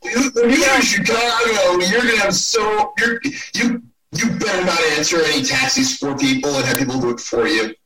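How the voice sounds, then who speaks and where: A man's voice: high-pitched, over music. Teasing man, roomy and distant. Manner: teasing, quick jokes. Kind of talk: casual chat.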